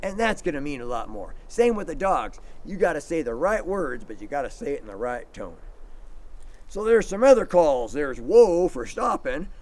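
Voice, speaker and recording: A middle-aged man giving an outdoor dog sledding demonstration for kids, telling stories and acting out the shouted commands. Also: on the high side, normal speed. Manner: animated storyteller, acts out shouted commands.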